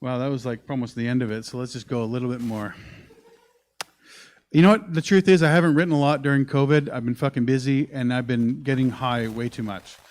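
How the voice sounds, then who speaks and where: A man's voice: mid-range voice, fairly even intonation, fairly quick, darkish tone. A man doing a live stand-up set in a comedy club, telling a rambling, profane story with lots of swearing.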